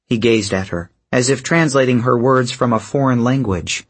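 Husky male audiobook narrator. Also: medium pitch, moderate pace, few pauses. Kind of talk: scripted narration.

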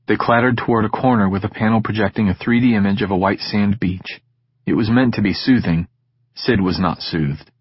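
A man reads a story aloud in a steady, measured way. His voice is low and husky. The recording is dry and dull, like lo-fi audio. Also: dry recording. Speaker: audiobook narrator. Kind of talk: scripted narration.

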